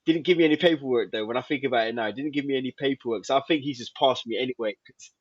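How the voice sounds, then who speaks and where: Man, husky low voice, animated storyteller, dull lo-fi sound. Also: very fast, no echo. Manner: lively storyteller acting out past conversations. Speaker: podcast guest. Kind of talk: storytelling in a podcast interview.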